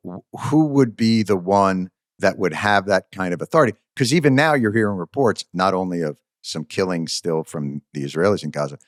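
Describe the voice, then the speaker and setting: Male host, very low voice, dry close studio sound, quick jokey questions. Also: no echo. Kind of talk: casual interview chat.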